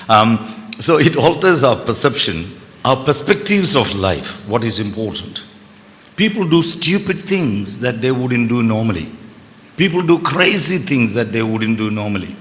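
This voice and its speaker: Male conference speaker, first language Malayalam, lowish voice, casual lecturing manner, long hall echo. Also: fairly bright tone. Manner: conversational, with self-deprecating asides. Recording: reverberant hall with faint background noise.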